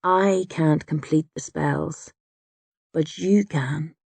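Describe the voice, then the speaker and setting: A woman voicing a wounded older male druid, gruff and stubborn, speaking low and strained in an audiobook. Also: slow pace, a little mellow, no room sound, full character voice. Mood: weary.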